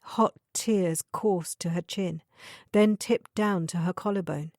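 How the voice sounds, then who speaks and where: A woman reads an audiobook in a measured, unhurried storytelling voice. Her tone is low and mellow, and the recording is dry and close with no room sound. She keeps a slow, deliberate pace throughout. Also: dry recording. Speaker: audiobook narrator. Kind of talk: scripted narration.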